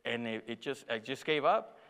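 A man's voice: mid-range voice, expressive, normal speed, a bit bright, in a large hall. A man preaching a sermon, telling a personal story with acted-out dialogue and self-deprecating laughter. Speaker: pastor.

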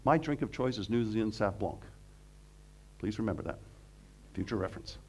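A man's voice: fairly low pitch, normal speed, breathy edge. Joking middle-aged man giving a talk. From Canada. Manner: animated, joking, acts out quotes. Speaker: guest speaker, professor. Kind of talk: humorous seminar talk.

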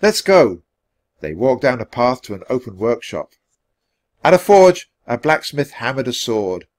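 Expressive man reading a storybook aloud. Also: mid-range voice, moderate pace. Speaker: storybook reader. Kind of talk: read-aloud narration for English learners.

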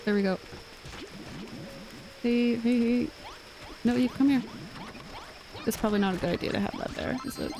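A woman's voice: on the high side, fairly even intonation, moderate pace, pauses often, mellow, soft background music, poor audio. Rambling woman streamer chatting. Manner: rambling, filler-heavy chat. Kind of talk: casual gameplay chat.

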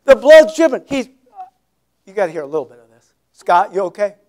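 A man's voice: very high-pitched, very animated, fairly quick, warm tone. A male pastor preaching a sermon, telling Bible stories dramatically with folksy, conversational asides. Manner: dramatic storytelling, acting out scenes.

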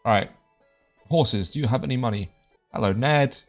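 A young man chats his way through a video game, cracking jokes and reading on-screen lines aloud. His voice sits at a medium pitch. Faint background music plays under the commentary. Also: moderate pace. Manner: chatty, jokey, reads game dialogue aloud. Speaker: gaming video creator. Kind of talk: casual let's-play commentary.

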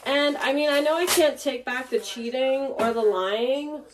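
A woman's voice: sits high, unhurried. A young woman venting in a casual home vlog, angry and swearing, with many fillers. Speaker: vlogger. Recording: audible background noise.

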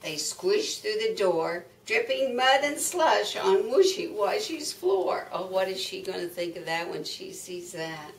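A woman's voice: medium pitch, sing-song, measured pace, vocal fry, few pauses, a little hiss or hum. An older woman reading a picture book aloud to young children, sing-song and full of exclamations. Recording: echoey room, mic far off.

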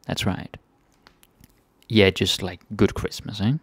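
A man's voice: low-pitched, fairly even intonation, moderate pace, creaky, no echo. A Danish man teaching phrases in a casual, chatty lesson, repeating each one with varied intonation. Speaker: language teacher.

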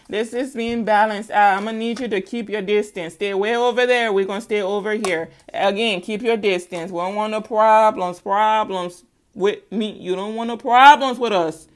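A woman's voice: medium pitch, steady tone, normal speed. Woman tarot reader, middle-aged, casual sassy delivery with teasing asides and emphatic repetition.

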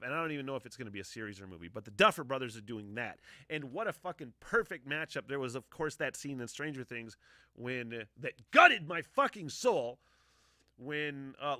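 Bright-voiced swearing man in his forties. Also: medium pitch, no echo, clean studio sound. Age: 40s. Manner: profane, emotional, sighing often. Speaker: podcast host. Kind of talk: casual rambling monologue.

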